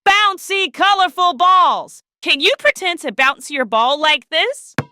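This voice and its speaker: Children's host: high, sparkling woman, slow and sing-song, coaxing little ones to join in. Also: lively intonation, pushed and bright. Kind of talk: children's lesson.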